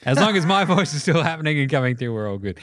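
An Australian man hosting a casual sports podcast, swearing freely and telling animated stories. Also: on the high side, fast, no echo, clean studio sound. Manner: swearing, laughing, animated storytelling. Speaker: podcast host.

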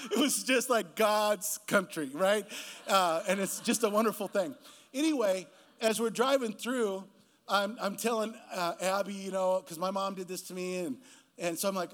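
Casting: male preacher, early fifties, high-pitched, animated storyteller who voices the people in his stories. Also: a little fast. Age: 50s. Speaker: guest pastor. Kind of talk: sermon. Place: church.

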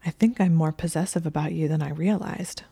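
A woman's voice: sits low, brisk, gravelly, mellow, slightly rough, dry recording, exaggerated voice. A woman voicing a flustered, jealous young witch in a story reading. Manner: flustered, stammering.

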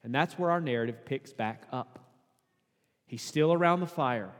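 Conversational preacher in a reverberant hall. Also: male voice, mid-range voice, moderate pace. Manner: conversational preaching, rising to emphatic peaks. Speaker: pastor. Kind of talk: sermon.

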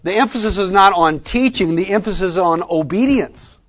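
A man teaching a conference workshop, asking the audience questions and pausing for their answers. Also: sits high, animated. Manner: interactive, quizzing the audience with questions; Southern "y'all" in speech. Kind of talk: teaching session. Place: conference room with a live audience.

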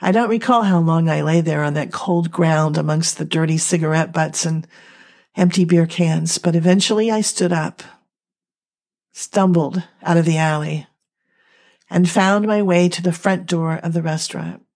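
A young woman reads a dramatic first-person story aloud. Her delivery is slow, emotional and halting, with a slightly low pitch. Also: a little mellow. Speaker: narrator.

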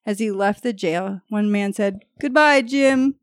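Clean studio sound and a dry recording carry this woman's mid-range, flat, slightly mellow, clean-toned voice at a normal speed. As a podcast host, she tells an old murder story, reading out the case details and breaking away to banter and laugh with her co-hosts.

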